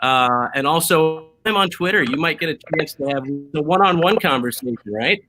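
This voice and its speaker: A man's voice: a little high, lively intonation, normal speed, music in the background. A man hosting a casual online drinking show over a video call, upbeat and chatty with lots of fillers. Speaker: show host.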